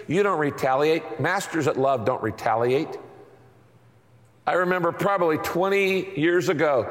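A middle-aged man preaching a sermon as a pastor, emphatic and repeating his catchphrases for the congregation. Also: sits high. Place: large church sanctuary. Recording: long reverb of a large hall.

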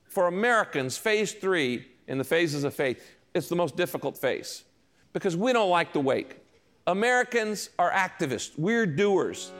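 An older man preaching a sermon as a pastor, telling stories and acting out quoted voices along the way. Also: on the high side. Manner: animated storytelling with quoted voices.

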